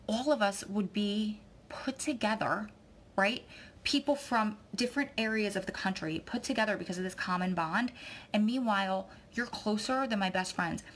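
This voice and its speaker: A woman's voice: medium pitch, moderate pace, fairly bright tone, slight background noise. A woman vlogging, talking in a rambling, effusive way that often turns tearful. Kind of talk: rambling emotional vlog chat.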